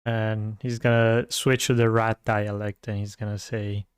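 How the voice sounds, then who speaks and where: A man speaking slowly and hesitantly as he describes his character's actions. His voice is smooth and clear, recorded close and dry. He leans on fillers while he thinks. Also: fairly low pitch, level tone, no echo. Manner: hesitant, lots of uhs. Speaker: player. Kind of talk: casual tabletop play.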